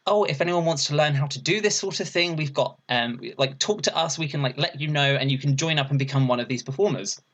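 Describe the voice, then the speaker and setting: Young man, animated storyteller, frequent laughs, jumps high for quoted lines, casual podcast chat. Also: fairly quick. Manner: animated, laughs often, acts out quotes in a higher voice. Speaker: burlesque performer and guest.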